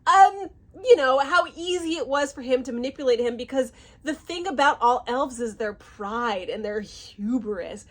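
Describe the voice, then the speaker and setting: A woman giving a casual, animated reaction review, often restarting and stumbling over names. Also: on the high side, moderate pace. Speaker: fantasy series reviewer.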